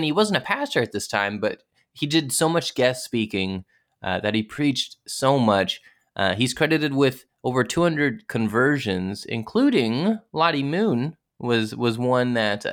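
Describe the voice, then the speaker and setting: A man introducing a recorded sermon in a casual, conversational way, telling stories loosely with fillers. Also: fairly low pitch.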